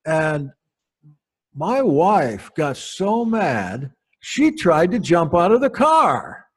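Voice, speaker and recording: A male preacher recounts old stories in a dry, wry, anecdotal way. He takes his time, and his voice sits somewhat high for a man. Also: very animated, very slow, husky. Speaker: pastor. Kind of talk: storytelling sermon.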